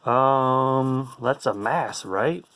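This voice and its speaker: A man's voice: mid-range voice, very slow, a bit bright, smooth, dry recording. A man casually commenting on a card game playtest in a playful, goofy way, full of jokes and silly asides. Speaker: card game player and host.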